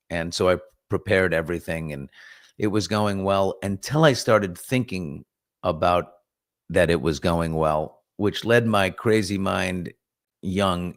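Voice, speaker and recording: Lower-voiced New York man hosting a morning show. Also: no echo, clean studio sound. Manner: animated storyteller, reads viewer comments aloud. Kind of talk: casual storytelling chat.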